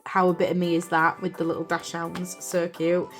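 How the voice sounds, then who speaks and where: A young British woman chatting casually as she films a vlog about her journal, rambling with fillers and quick apologies, recorded on a camera on a desk stand. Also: lowish voice, completely flat delivery, soft background music. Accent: British English. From United Kingdom. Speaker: journaling vlogger. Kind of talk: casual chat. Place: craft room indoors.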